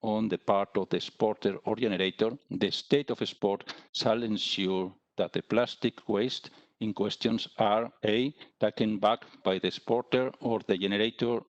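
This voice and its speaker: A man speaking as a panelist in an online discussion, measured and hesitant, with many fillers and restarts. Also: lowish voice, steady tone, no room sound, highs cut off.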